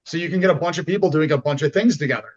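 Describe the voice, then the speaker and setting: On a podcast as a guest, a man with a fairly high pitch races through casual conversation. He is animated, acting out the voices of the people he describes, and the recording sounds muffled.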